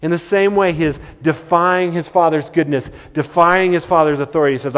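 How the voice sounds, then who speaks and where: A male pastor with a somewhat high voice delivers an emphatic sermon, often stumbling over repeated words. The sound carries a long reverb from a large church sanctuary. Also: steady tone, brisk, a bit bright, clean tone. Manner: emphatic, with stammered word repeats.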